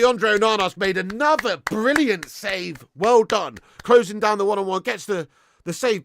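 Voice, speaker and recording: A man's voice: high voice, a little slow, vocal fry, dry recording, studio quality. A young man hosting a live football watch-along, commenting on the match, reading out viewers' messages and swearing freely. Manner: excitable, swears, reads viewer messages aloud.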